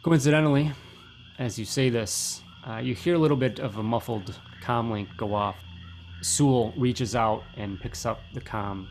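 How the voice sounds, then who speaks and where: Gravelly-voiced man running a tabletop game. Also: mid-range voice, moderate pace, a little mellow, slight background noise. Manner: loose and descriptive, many fillers. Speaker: game master. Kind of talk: narrating a tabletop role-playing game.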